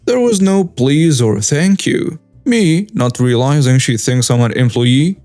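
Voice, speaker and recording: A young man narrating a first-person story in an earnest, steady reading tone. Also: mid-range voice, unhurried, few pauses, dry recording, faint music behind.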